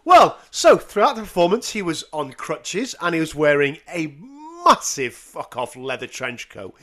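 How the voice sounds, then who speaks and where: A man co-hosting a casual music podcast, animated and often laughing, reading quotes aloud with sarcastic asides. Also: high-pitched. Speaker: podcast co-host.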